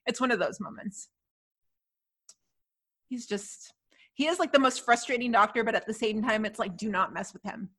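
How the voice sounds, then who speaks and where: Speaking at a normal speed with frequent pauses, this slightly high-voiced woman co-hosts a podcast. In a casual, animated way, she recaps a TV episode and performs the characters' dialogue.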